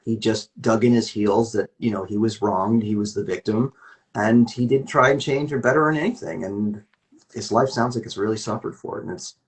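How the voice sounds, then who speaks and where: A man's voice: lowish voice, moderate pace. A man speaking candidly as an interview guest, earnest and rambling, with many restarts and fillers.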